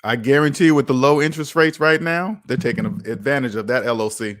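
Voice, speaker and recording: A man's voice: mid-range voice, fast talker, a bit bright, dry recording. A man hosting a casual finance livestream, reading viewer comments aloud and teasing them with a joking manner.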